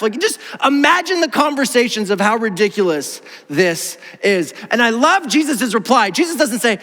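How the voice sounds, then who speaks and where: Lively male pastor, bright forward tone, preaching playfully, long reverb from the church hall. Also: very high-pitched, quick pace. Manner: animated, playful, acts out voices. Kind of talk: sermon. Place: church auditorium.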